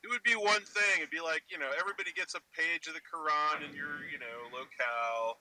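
A man co-hosting a podcast, bantering in a lively, joking way. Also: a little high, brisk, crowd noise, rough recording. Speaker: co-host. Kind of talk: casual banter.

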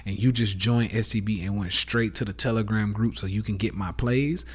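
A man's voice: lowish voice, steady tone, normal speed, husky. A man with a Southern accent hosting a casual rant podcast, blunt and profane, lecturing his listeners as y'all. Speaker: podcast host.

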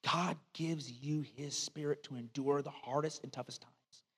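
A male pastor preaching a sermon in a church, animated and conversational, with frequent asides to the congregation. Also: a little high, normal speed, slightly rough, big-room sound.

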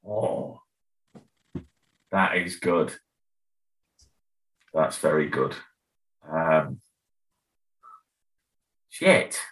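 A man's voice: rumbling low, very slow, pauses often, a bit bright. A young man, a band member chatting as a podcast guest, rambling, laughing and swearing freely. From England. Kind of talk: casual podcast chat.

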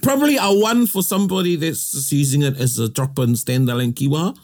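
A man from New Zealand with a New Zealand accent, co-hosting a casual bilingual chat in a playful, animated way. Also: a little high, brisk. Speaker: co-host.

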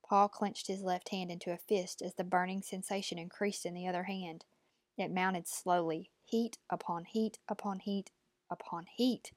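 A woman narrating an audiobook in a measured, tense storytelling manner. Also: fairly low pitch, steady tone, no room sound.

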